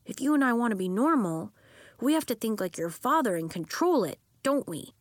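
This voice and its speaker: A woman voicing a worried young boy in a storybook, with a thoughtful, measured and somewhat glum delivery. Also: on the high side, very animated, no room sound, clean studio sound. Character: worried young boy with fire and ice powers.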